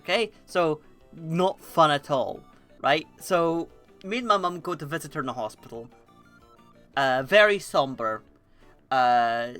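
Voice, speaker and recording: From her home desk setup, a woman with a low voice streams while commenting on memes. Her casual talk is rambling and animated, with frequent laughter and free swearing.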